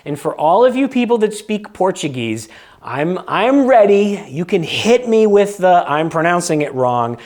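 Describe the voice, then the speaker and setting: A man's voice: high voice, very animated, measured pace, a little mellow. A man from New England hosting a vlog, explaining things to camera in a casual, good-humored and self-deprecating way. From New England, United States. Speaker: vlog host.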